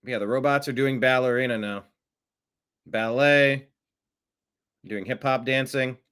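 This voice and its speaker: A man's voice: medium pitch, a little slow, a bit bright, smooth. A man hosting a political news show, talking casually with wry, offhand remarks. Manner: wry, offhand, mocking asides. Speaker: political commentary show host.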